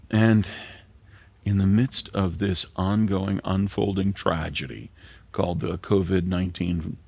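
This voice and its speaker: An older male pastor gives a heartfelt sermon in a very low, gravelly voice rough with fry and a husky edge. At key moments he drops to a soft, earnest near-whisper, and there is no room sound.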